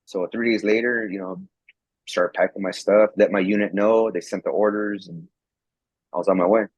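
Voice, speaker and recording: A man's voice: fairly low pitch, fairly even intonation, normal speed, breathy edge, dry recording. A man, a former soldier, telling a story in a casual, rambling way and acting out the quoted dialogue, often repeating words. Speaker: guest, former National Guard soldier. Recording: dull lo-fi sound.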